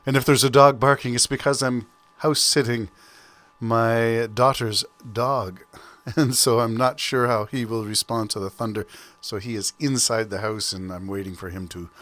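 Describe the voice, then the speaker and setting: A man's voice: mid-range voice, fairly even intonation, moderate pace, a bit bright, no room sound. A man in his sixties hosting a casual solo podcast from home, chatty and rambling, with self-amused asides. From Canada. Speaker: podcast host. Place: home during a thunderstorm.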